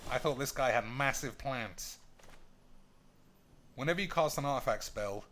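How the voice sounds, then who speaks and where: A man's voice: mid-range voice, moderate pace, a bit bright, a little hiss or hum. A man streaming a card game, thinking aloud with crude, joking banter. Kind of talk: casual gameplay commentary.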